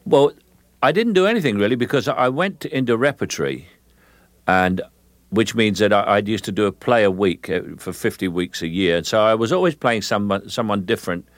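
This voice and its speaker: A man's voice: on the low side, animated, a little fast, dry recording. A man with a Cockney accent, an actor telling long stories in an interview, full of restarts and fillers. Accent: London Cockney. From England. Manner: rambling storyteller with many restarts and fillers. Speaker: actor guest. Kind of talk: relaxed interview answers.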